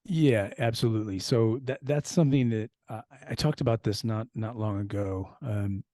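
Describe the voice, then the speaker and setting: A man's voice: lowish voice, moderate pace, mellow, no echo. A man, a former US Marine and security expert, speaking as an interview guest in an earnest, reflective way with frequent restarts. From United States. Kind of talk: casual interview talk.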